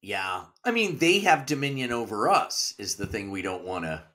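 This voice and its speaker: A man's voice: fairly low pitch, lively intonation, normal speed, bright, forceful tone. A man co-hosting a podcast in casual chat, giving short agreeing replies and dry quips. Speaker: podcast co-host.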